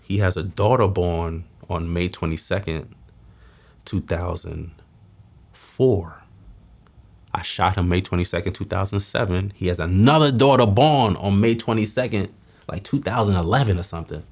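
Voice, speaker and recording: A man, telling his life story in a streetwise, slangy way, often dropping quiet at heavy moments. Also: low-pitched, moderate pace. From Mount Vernon, New York. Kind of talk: candid testimony.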